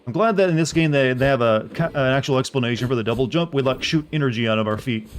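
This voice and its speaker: A man's voice: medium pitch, fast, faint music behind. A young man giving casual, joking game-stream commentary, rambling to his viewers.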